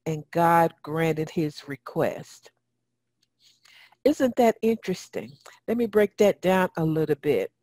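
A woman's voice: low-pitched, big pitch swings, takes it slowly, darkish tone, no room sound. A woman radio host giving a spoken teaching on prayer, talking straight to her listeners and repeating phrases for emphasis. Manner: addresses listeners directly. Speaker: radio talk show host.

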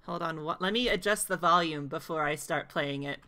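A woman's voice: sits low, a little fast, pushed and bright. A woman streaming a video game, chatting with viewers in a playful, giggly way. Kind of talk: casual gaming stream chat.

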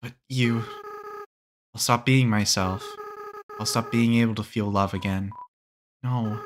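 A man voicing a gentle, remorseful young goat-monster boy, reading game dialogue aloud in a soft, tearful way. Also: on the low side, steady tone, a little slow, background noise, natural voice. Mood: sad.

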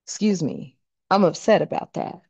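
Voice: medium pitch, lively intonation, moderate pace, creaky, a little mellow, husky, no room sound, dull audio. A tarot reader giving a casual card reading, talking bluntly with plenty of swearing and rambling fillers.

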